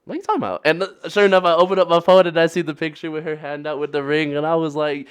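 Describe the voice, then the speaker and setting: A man's voice: on the high side, little pitch movement, fast, clear, resonant tone. A young man co-hosting a casual podcast chat, telling a story in a laid-back way. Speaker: podcast co-host.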